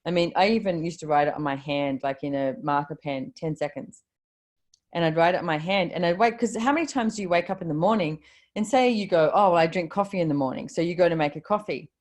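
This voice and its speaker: A woman's voice: lowish voice, fast, darkish tone. A woman hosting a live video call, giving a chatty motivational talk with casual swearing. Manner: chatty, swears casually, quotes her own thoughts.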